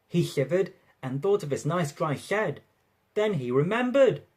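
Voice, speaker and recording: A narrator reading a railway storybook aloud in an expressive, lively way. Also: mid-range voice, a little slow, slight background noise.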